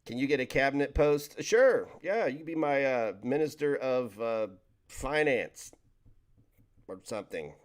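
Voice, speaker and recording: A man's voice: medium pitch, normal speed. Rambling, joking man chatting on stream. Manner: rambling, joking, stumbles over words. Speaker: livestream host reading chat. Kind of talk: casual livestream chat.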